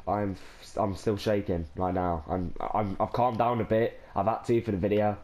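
A man's voice: lowish voice, fairly even intonation, normal speed, warm tone. A young Irish man in his teens talking to camera in a casual vlog, overwhelmed and rambling, with restarts and sighs. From Ireland. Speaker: gaming vlogger.

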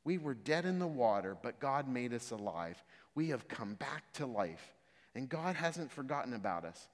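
A man preaching a sermon, moving from calm explanation of scripture to loud, emphatic exhortation. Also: medium pitch, moderate pace. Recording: reverberant hall.

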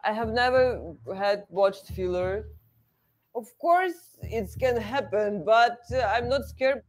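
A woman, an English speaker, talking frankly in a documentary interview with many pauses. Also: fairly high pitch. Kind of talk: candid interview.

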